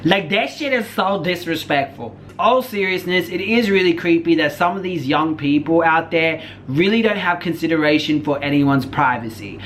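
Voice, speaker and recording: A man's voice: fairly high pitch, lively intonation, moderate pace, hardly any pauses, fairly bright tone, slight background noise. A man hosting a drama commentary channel, casual, blunt and joking, with plenty of swearing.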